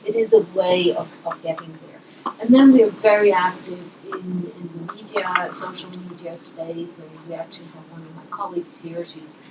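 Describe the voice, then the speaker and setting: A woman speaking on a panel in a thoughtful, measured way, pausing with fillers and restarting her sentences. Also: fairly low pitch, expressive. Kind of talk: panel discussion remarks. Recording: distant mic with clear noise.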